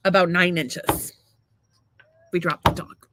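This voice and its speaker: A woman's voice: lowish voice, fairly even intonation, slow pace, pauses often, fairly bright tone, no room sound. A woman co-hosting a podcast, telling a long story in a casual, rambling, profane and self-mocking way. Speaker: podcast co-host.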